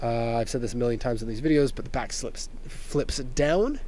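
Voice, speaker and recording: A young man, a little hoarse from being sick, giving a casual walkaround review from inside a minivan, chatting with jokey tangents into a handheld camera. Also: mid-range voice, normal speed, warm tone. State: slightly hoarse from a recent illness. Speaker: car import dealer and reviewer.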